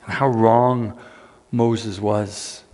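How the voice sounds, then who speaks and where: A man preaching a sermon as pastor, earnest and unhurried, repeating key lines with dramatic pauses. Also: lowish voice, fairly even intonation, vocal fry, a little mellow. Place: church sanctuary. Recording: church hall reverb.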